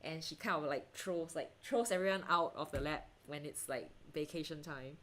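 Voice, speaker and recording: Her voice is deep and fairly bright, moving at normal speed, as this Singaporean woman of probably thirty-something paints live. She chats casually and reads out viewer comments, often laughing and letting sentences fade into fillers.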